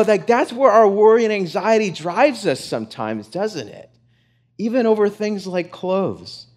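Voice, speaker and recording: A young man preaching a sermon, animated in his storytelling and full of rhetorical questions. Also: a little high. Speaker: pastor.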